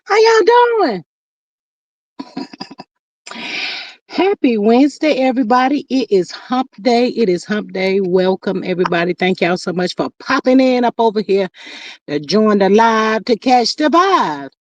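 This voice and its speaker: Lady hosting a live chat stream, chatty and lively, dry close sound, reads comments out loud. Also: no room sound, highs cut off. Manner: chatty, lively, drawn-out greetings, sudden high exclamations.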